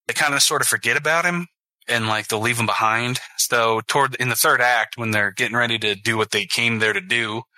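Casting: man, podcast co-host, bright edgy voice, dry mic, excitable casual movie chat. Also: medium pitch, a little fast, no room sound, poor audio. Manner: enthusiastic, swears, acts out scenes in quotes.

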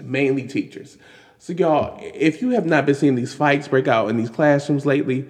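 A man giving casual, animated commentary on news, exasperated and full of restarts and fillers. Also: fairly high pitch, moderate pace. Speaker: commentary vlogger. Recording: long hall reverb.

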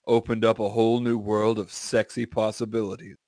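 A man's voice: fairly low pitch, little pitch movement, a little fast, darkish tone, no echo. A man hosting a comedy podcast, reading a story aloud with stiff delivery, tripping over words and swearing casually.

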